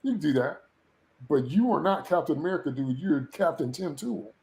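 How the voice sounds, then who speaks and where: A man's voice: on the high side, animated, normal speed, creaky, mellow. A man on a podcast, venting in a casual, opinionated way, with exasperated rants and frequent laughter. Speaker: podcast co-host reviewing a TV episode. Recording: roomy echo.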